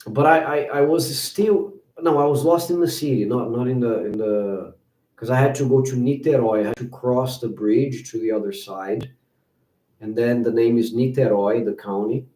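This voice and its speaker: A man, hosting and telling stories in a casual, animated way, jumping higher when he quotes people. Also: normal speed. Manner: animated, acts out quoted voices in higher pitch. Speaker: host. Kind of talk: casual storytelling to viewers. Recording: roomy, from a distance.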